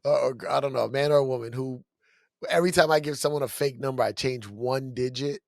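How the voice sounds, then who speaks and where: A man from New York with a New York accent, co-hosting a podcast and telling stories in an animated way. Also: mid-range voice, fast talker, gravelly, no echo, clean studio sound. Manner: animated storytelling, acts out quotes. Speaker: podcast co-host. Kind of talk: casual chat. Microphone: studio podcast mic.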